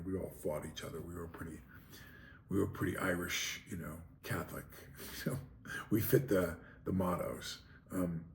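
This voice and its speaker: A man's voice: low-pitched, creaky, a little mellow. A man, hosting his show and telling a rambling personal story in a conversational way. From New York, Long Island. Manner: rambling, conversational, frequent "you know". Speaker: host. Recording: echoey room with faint noise.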